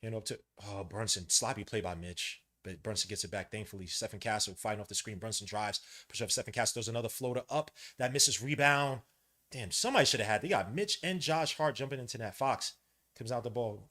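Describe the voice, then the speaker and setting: A man, hosting a podcast and giving live, slangy commentary while watching a basketball game, getting loud at big plays. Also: fairly low pitch, a little fast. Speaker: podcast host.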